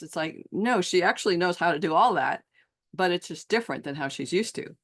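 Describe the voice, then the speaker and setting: A woman's voice: fairly low pitch, animated, brisk. A middle-aged woman coach giving a reflective solo talk to fellow coaches, earnest and musing, who slips into the voices of clients. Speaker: transformational coach and trainer.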